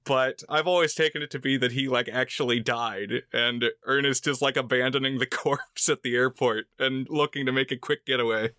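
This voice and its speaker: A man co-hosting a movie podcast, recapping the plot in a relaxed way with joking asides. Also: medium pitch, normal speed, hardly any pauses, no echo, clean studio sound. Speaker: podcast co-host. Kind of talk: casual movie discussion.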